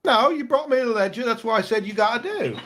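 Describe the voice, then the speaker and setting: A man voicing a shifty male merchant boss who flatters and haggles in a tabletop game. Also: very high-pitched, fast talker, a little hiss or hum, pitched above the performer's own voice. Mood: haggling. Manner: smooth-talking, haggling, calls everyone friends.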